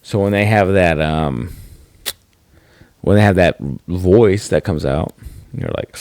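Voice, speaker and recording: A man's voice: deep voice, slow, long pauses, darkish tone, no echo, studio quality. A man co-hosting a podcast in casual chat, telling rambling stories with swearing and acted-out quotes. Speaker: podcast co-host.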